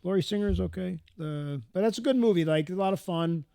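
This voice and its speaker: A man chatting casually on a podcast, speaking in a measured way and stumbling over names. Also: sits high, gravelly, warm tone, clean tone, no room sound. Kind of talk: casual chat.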